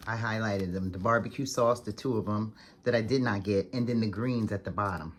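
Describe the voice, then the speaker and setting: A woman vlogger telling a story to the camera in a chatty, fast, animated way, full of "like"s and acted-out quotes. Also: a bass voice, a little hiss or hum. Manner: chatty, fast-talking, animated retelling with many "like"s.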